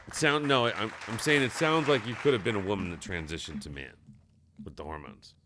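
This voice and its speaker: A man's voice: on the low side, fairly quick, background noise. A man hosting a live stream, chatting casually, reading viewer comments aloud and swearing offhand. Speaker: stream host.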